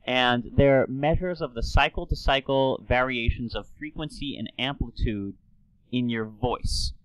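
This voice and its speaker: A man's voice: medium pitch, a little slow, poor audio. A man hosting a podcast, explaining things in an enthusiastic, lecturing way. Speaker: podcast host.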